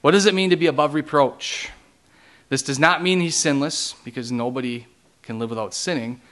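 A man's voice: a little high, normal speed, fairly bright tone. A man pastor teaching a Bible study in a plain, conversational way, explaining each term one by one.

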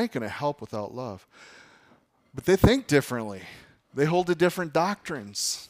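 A man's voice: on the high side, very animated, normal speed. A man preaching a casual, conversational sermon to his congregation, often asking them questions and laughing at himself. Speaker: pastor.

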